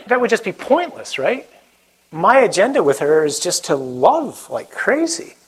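A man speaking as a priest, giving an animated talk and then leading a prayer, acting out quoted voices as he goes. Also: high-pitched, a little slow, husky, poor audio.

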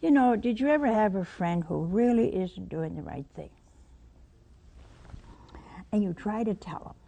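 Animated woman preaching a sermon. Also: medium pitch, unhurried, vocal fry. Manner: storytelling with rhetorical questions to listeners.

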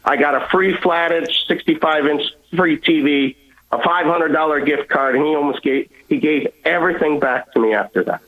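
A man's voice: fairly high pitch, normal speed, a bit bright, poor audio. A man as an interview guest, giving an earnest personal testimony and often stumbling over repeated words.

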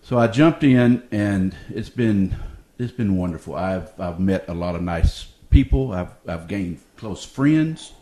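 A man's voice: low voice, lively intonation, measured pace, hardly any pauses, dark tone. A man, a parish volunteer speaking plainly as a radio interview guest.

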